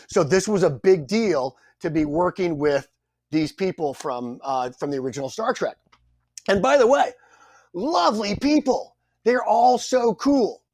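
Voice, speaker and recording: A middle-aged man, a guest actor, telling stories on a podcast in an animated, self-deprecating way. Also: on the high side, no echo. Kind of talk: anecdotal storytelling.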